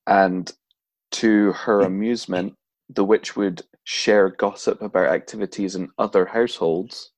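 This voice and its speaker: A man's voice: lowish voice, steady tone, measured pace, a little mellow, no room sound. Laughing man telling a ghost story, dry sound. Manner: laughs often, acts out voices, swears casually. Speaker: podcast co-host. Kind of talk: casual storytelling chat.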